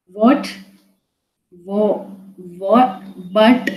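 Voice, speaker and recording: Young woman, teacher, mellow tone, halting with fillers, echoey room. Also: medium pitch. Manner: halting, many fillers, mixes in Hindi phrases. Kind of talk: online class lecture.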